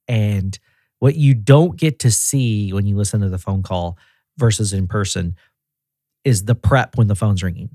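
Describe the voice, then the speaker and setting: A man from Tennessee, a guest in a casual interview, telling lively stories and acting out the people he quotes. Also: medium pitch, dry recording, studio quality. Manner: lively storyteller who acts out quoted people. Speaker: regional director, guest.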